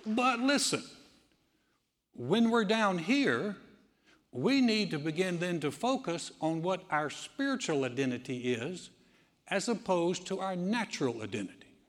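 A man preaching a sermon as pastor, animated and conversational, acting out the voices of people he quotes. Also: sits high, unhurried, big-room sound. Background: congregation responding.

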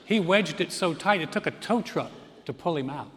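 Lively and a bit bright, this middle-aged pastor's voice sits on the high side as he preaches at a normal pace. His sermon in the church sanctuary weaves in jokes and acted-out voices, with long hall reverb throughout.

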